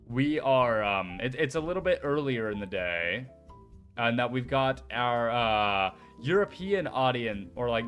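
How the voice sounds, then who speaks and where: A young man chatting casually as a streamer, excitable and swearing freely. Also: mid-range voice. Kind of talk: casual chat.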